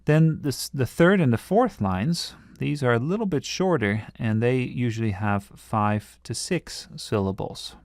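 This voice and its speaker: A man's voice: medium pitch, expressive, measured pace, hardly any pauses, darkish tone, dry recording, clean studio sound. A man teaching a writing lesson, explaining patiently and breaking off now and then to restart a thought.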